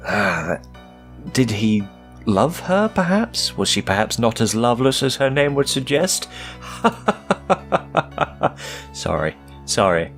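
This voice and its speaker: A man's voice: mid-range voice, big pitch swings, unhurried, fairly bright tone, soft background music. A man commenting on a game as he plays, joking and mocking himself while thinking aloud. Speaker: let's play gamer.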